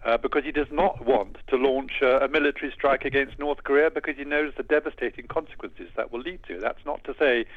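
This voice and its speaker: A male defense analyst talks through events in a measured, explaining way, often restarting his phrases. His voice is husky and sits at an ordinary pitch. The sound comes over a dull, lo-fi broadcast line with a dry, close feel. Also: no echo. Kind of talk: radio news interview.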